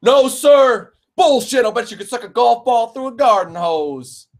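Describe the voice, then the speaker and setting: A man's voice: very high-pitched, expressive, a little slow, pitched above the performer's own voice, full character voice. A man doing an impression of a military drill sergeant who barks insults. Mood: barking. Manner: barking, insulting.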